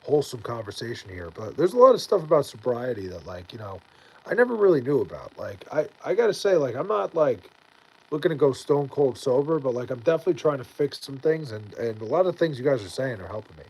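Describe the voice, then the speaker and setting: A man talks loosely to his viewers on a late-night stream and sounds tired as bedtime nears. His voice is husky and mellow. He rambles, restarts sentences and fills the gaps with "like". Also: medium pitch, very animated, quick pace, poor audio. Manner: rambling, filler-heavy, many "like"s and restarts. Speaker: livestreamer reading chat. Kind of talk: casual late-night livestream chat.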